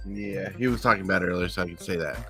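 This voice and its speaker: A man's voice: sits low, racing, a bit bright, soft background music. A man chatting casually on a live stream, supportive and agreeing often. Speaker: co-host. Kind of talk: casual chat.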